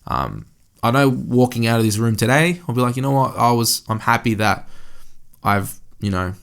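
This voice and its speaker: A man's voice: mid-range voice, lively intonation, normal speed, vocal fry, fairly bright tone. A young man hosting a solo podcast, talking candidly in a rambling way and swearing often. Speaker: podcast host. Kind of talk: casual solo podcast monologue. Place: indoor room.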